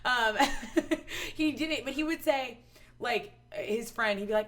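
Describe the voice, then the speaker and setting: A woman's voice: fairly high pitch, unhurried, fairly bright tone. A woman from Texas in her thirties, telling stories as a podcast guest with lots of laughter and "like" fillers. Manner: chatty storytelling, laughing often, heavy "like" fillers. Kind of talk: casual chat.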